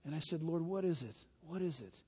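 A middle-aged male pastor with a notably high voice preaching in a church sanctuary. He drops to a hushed storytelling tone, then climbs into loud, fervent exhortation. The sound carries a long hall reverb. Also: expressive, a little fast, husky. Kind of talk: sermon.

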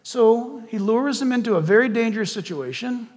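Man, pastor, sermon, high voice, animated delivery. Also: moderate pace, in a large hall. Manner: animated, acts out villain lines in hushed voice. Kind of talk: sermon with closing prayer.

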